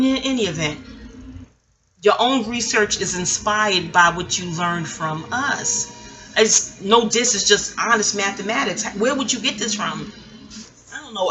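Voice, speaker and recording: A woman with a somewhat low, slightly bright voice records a vlog as audio only at home, and the quality is poor. Her personal monologue rambles and digresses in a chatty way, often pausing for pointed rhetorical questions.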